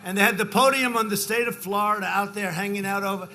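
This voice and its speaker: A forceful, tense-toned man in his seventies speaks at a big political rally, his fairly high voice cutting through faint background noise. He rambles through repetitive asides to the crowd, then shouts out numbers for emphasis. The delivery is loose and off the cuff, like campaign talk at a podium microphone. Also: steady tone, fast. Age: 70s.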